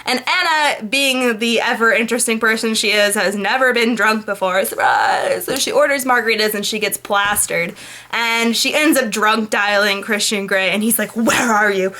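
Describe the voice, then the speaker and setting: A woman's voice: on the high side, moderate pace, pushed and bright. A young woman vlogger giving a sarcastic, exasperated, chatty book summary.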